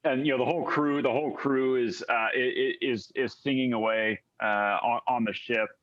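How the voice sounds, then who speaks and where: A man's voice: mid-range voice, steady tone, normal speed. A man narrating a tabletop game as game master, rambling with many fillers. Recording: slightly dull lo-fi audio.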